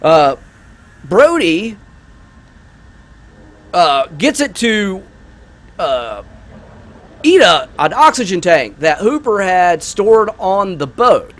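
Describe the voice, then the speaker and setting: A man casually chatting over a video game while retelling a movie plot, rambling and excitable, with lots of fillers. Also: sits high, measured pace, pauses often. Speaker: gaming YouTuber. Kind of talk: casual gameplay commentary with movie review.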